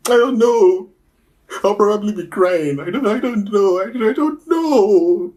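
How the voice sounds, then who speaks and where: An overwrought actor breaking down in tears, stammering and sobbing. His voice shoots up far above its usual low register and gets loud as he cracks. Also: animated, a little slow. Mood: tearful.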